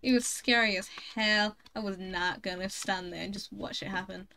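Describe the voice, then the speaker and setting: A woman's voice: medium pitch, steady tone, moderate pace, vocal fry, sharp tone, a little hiss or hum. A woman streaming a game, chatting casually, swearing freely and teasing her friends. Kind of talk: casual chat while gaming.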